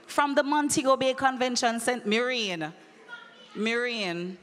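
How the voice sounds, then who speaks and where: Speaking a little slowly in a fairly high voice, this conference emcee runs a live audience quiz with teasing playfulness and dramatic flair. She uses a handheld mic, and the big hall gives a long, echoey reverb.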